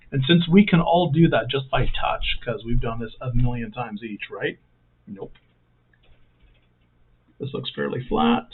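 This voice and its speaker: A man with a gravelly, husky voice walks through a hobby tutorial in a loose, rambling way and keeps cracking self-mocking jokes. The sound is thin and narrow, like it is coming through a phone. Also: mid-range voice. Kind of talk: casual step-by-step tutorial.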